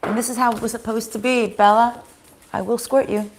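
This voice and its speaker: A woman's voice: a little high, little pitch movement, a little fast, noisy background. A woman giving a casual tarot reading at home, chatting to viewers, voicing their inner thoughts and swearing freely. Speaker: tarot reader. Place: home kitchen in a house.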